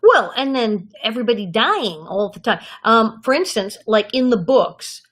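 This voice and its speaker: A woman in her fifties, a guest actress in an interview, telling stories in a lively way and acting out the people she quotes. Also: on the high side, moderate pace. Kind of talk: anecdotal interview storytelling.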